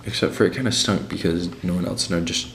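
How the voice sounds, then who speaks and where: A man's voice: sits low, fairly even intonation, fast talker, gravelly, a bit bright, roomy sound, a little hiss or hum. A young man on a mission, telling his week in a casual, slangy video diary. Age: young adult. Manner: laid-back and slangy, many fillers.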